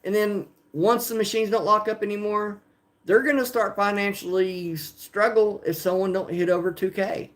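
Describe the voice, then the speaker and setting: A man with a rural Oklahoma country drawl, talking to his livestream chat in a loose, rambling way and filling the gaps with frequent hesitations. His voice sits a little higher than most men's. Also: steady tone, normal speed, a bit bright. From Oklahoma, USA. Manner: rambling, filler-heavy, talking to chat viewers. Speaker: slot machine livestreamer.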